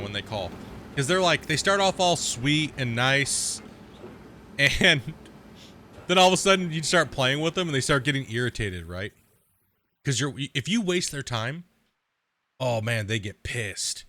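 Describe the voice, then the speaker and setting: A man's voice: medium pitch, pushed and bright, a little hiss or hum. A man streaming a game live, chatting casually and rambling through stories, often tagging sentences with "right?".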